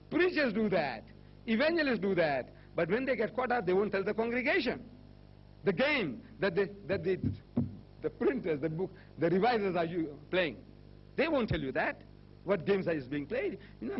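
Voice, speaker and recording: A man giving a public religious lecture as a Muslim speaker, rhetorical and animated, firing questions at his audience. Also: sits high. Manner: rhetorical, animated, with repeated questions and mocking quoted voices. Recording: dull lo-fi recording with faint hum.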